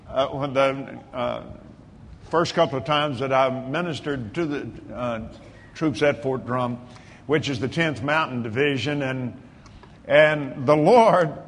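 A man's voice: on the high side, fairly bright tone, slight background noise. An older man preaching to a congregation, fervent and exclamatory, calling out praises as he prays and talks. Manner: fervent, exclamatory, with frequent hallelujahs. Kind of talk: sermon. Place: large church hall with congregation. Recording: reverberant hall with crowd ambience.

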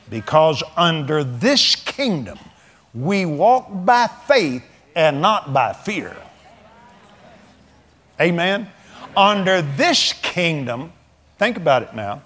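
A man in his seventies with a bright, fairly high voice preaches a folksy sermon. He tells stories in plain, drawling colloquial speech, chuckling as he goes.

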